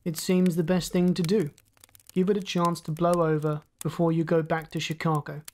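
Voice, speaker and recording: A woman's voice: low voice, flat delivery, normal speed, a little mellow, lightly acted. Woman voicing a blunt, indignant father. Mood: stern.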